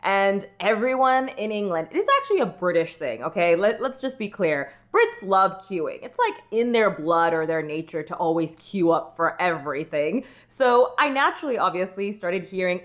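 A woman's voice: mid-range voice, animated, moderate pace, few pauses. An American woman from California with a Californian accent, chatting upbeat to her viewers in a casual vlog. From California, USA. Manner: chatty, upbeat, often acts out quoted phrases. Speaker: vlogger.

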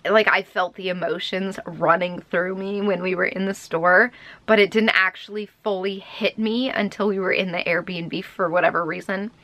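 A woman's voice: medium pitch, bright, forceful tone, dry recording. A young woman vlogger telling a personal story to camera in a rambling, emotional, heartfelt way.

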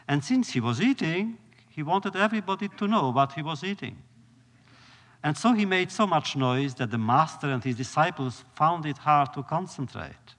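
Guy telling old stories at a lecture, slow and solemn, big hall echo. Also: fairly high pitch, fairly bright tone. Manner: measured, solemn, with dramatic pauses. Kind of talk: storytelling lecture. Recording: long reverb of a lecture hall.

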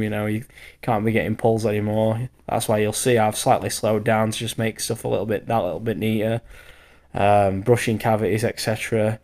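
Tired, gravelly man rambling. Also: lowish voice, darkish tone. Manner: rambling, loose talk full of fillers and the odd swear. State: tired from lack of sleep. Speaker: bricklayer vlogger. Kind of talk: casual voiceover commentary.

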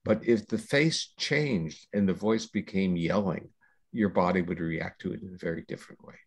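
An older man, a scientist guest on an interview podcast, explaining ideas in a measured, lecturing way with long explanations. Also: low voice.

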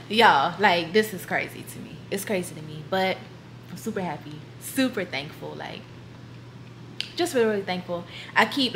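A young woman chatting casually on her vlog, excitable and giggly, repeating herself as she talks. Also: mid-range voice, a little hiss or hum. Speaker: beauty vlogger.

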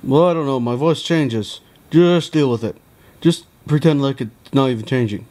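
A man's voice: medium pitch, normal speed, a little mellow, close to an everyday voice. A man voicing a laid-back plush bear who hands out casual advice in a homemade toy skit, talking in an offhand, easygoing way.

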